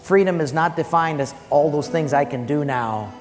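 A male pastor with a slightly high voice, preaching a sermon in a lively storytelling style. He tells personal stories and acts out the voices in them loudly. His voice carries a long reverb from the church hall, with faint music underneath. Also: moderate pace. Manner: animated storytelling with loud acted quotes. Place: church sanctuary.

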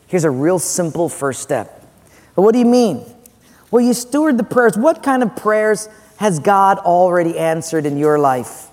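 A male pastor preaching in a large church, chatty and quick to joke as he questions his listeners. His voice sits a bit high for a man. A long reverb trails off every phrase. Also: darkish tone. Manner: conversational, questioning the congregation, joking. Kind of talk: sermon.

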